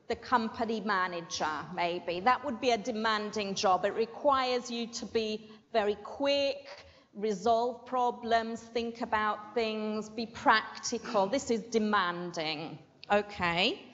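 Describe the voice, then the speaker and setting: A woman teaching an English vocabulary and pronunciation lesson, slowly stressing syllables and checking in with "okay?". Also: fairly high pitch. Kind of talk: classroom language lesson. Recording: muffled with long hall reverb.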